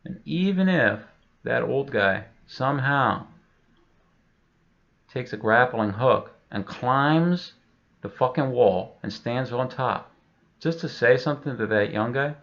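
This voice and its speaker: A man's voice: medium pitch, lively intonation, unhurried, vocal fry, long pauses, a bit bright, lo-fi sound. A man telling a rambling, profane comic story, full of fillers. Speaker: comedian.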